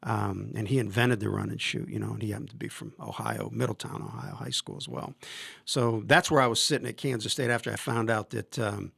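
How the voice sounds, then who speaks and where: A man's voice: lowish voice, animated, brisk, creaky, a bit bright, husky, dry recording, studio quality. A man in his fifties, a football coach hosting a podcast, telling long stories in a rambling way, with many fillers and restarts. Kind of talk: casual storytelling interview.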